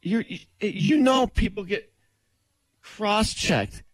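A man co-hosting a morning radio show, ranting about sports in a lively, joking way. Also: high voice, no room sound. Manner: lively, ranting, quick to laugh. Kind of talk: casual radio banter.

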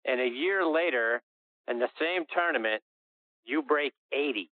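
A man's voice: medium pitch, measured pace, no echo. A man hosting a radio interview who leads the guest with conversational questions. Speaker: radio show host. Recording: dry narrow phone-line sound.

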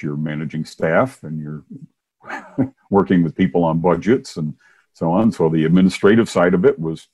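An older man, a Methodist minister and former science teacher, telling his story in a relaxed interview with chuckles along the way. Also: sits low, slightly rough. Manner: warm anecdotal storytelling with chuckles. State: hard of hearing, wears hearing aids.

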